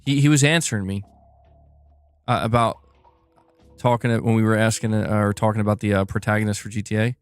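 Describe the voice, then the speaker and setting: A man's voice: fairly low pitch, fairly even intonation, fairly quick, long pauses, clean tone, no echo, faint music behind. A man hosting a casual live stream about video game news, chatting loosely and reacting to his chat with frequent laughs.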